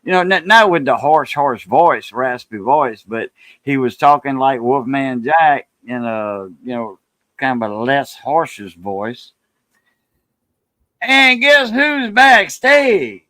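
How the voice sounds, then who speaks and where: A Cajun man hosting a relaxed, rambling chat in a mid-range voice. He talks in a loose, folksy way and keeps circling back to finish his stories. The sound is dry and close, with no room echo. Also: medium pitch, unhurried. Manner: rambling, folksy storytelling with laughs. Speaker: channel host. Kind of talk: casual chat.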